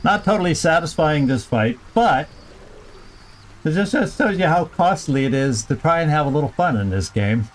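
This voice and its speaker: A man's voice: fairly high pitch, lively intonation, normal speed. A man casually commenting on his gameplay during a live stream, thinking aloud with playful, goofy asides. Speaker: video game streamer.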